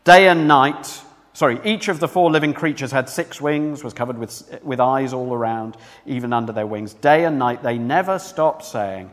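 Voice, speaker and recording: A man's voice: medium pitch, moderate pace, in a large hall. A man preaching a sermon in a church, talking conversationally and asking the congregation questions.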